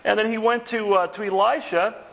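Pastor, male, higher-pitched with some vocal fry, chatty sermon delivery; dull lo-fi church recording. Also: a little fast. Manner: conversational, animated when retelling stories. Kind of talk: evening sermon.

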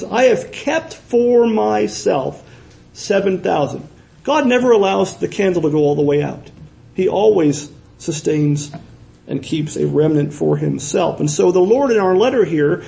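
A man's voice: high-pitched, gravelly, warm tone, poor audio. A man preaching a sermon as pastor, earnest, repeating words for emphasis and asking his listeners questions.

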